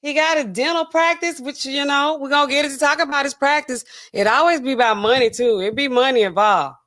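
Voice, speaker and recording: A woman pharmacist hosting a casual livestream and talking to her chat in an animated, chatty way full of fillers. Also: sits high, fairly quick.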